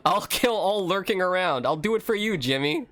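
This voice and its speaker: A man voicing a grieving, vengeful father from a video game, reading his lines in an overwrought, theatrical way, pitched up from his normal voice. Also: expressive, moderate pace, fairly bright tone, no room sound, studio quality. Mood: vengeful grief.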